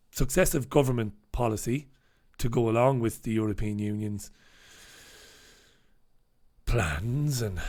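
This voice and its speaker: A man's voice: lowish voice, a little mellow. A man hosting a casual live newspaper review, sardonic and swearing freely as he reads headlines and viewer comments aloud.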